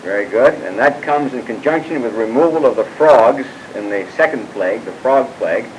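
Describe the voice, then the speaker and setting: In a classroom Bible lecture, a male teacher speaks at normal speed with a steady, mid-range pitch, quizzing his students as he goes through the scripture. He often pauses for an "uh" or a "by the way" aside. The recording is low quality, with a faint low rumble and hiss underneath.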